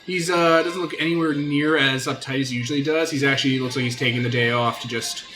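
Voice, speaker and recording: A man's voice: medium pitch, fairly even intonation, fast talker. A man running a tabletop game as game master, narrating with rambling asides and frequent laughter. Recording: loud background music.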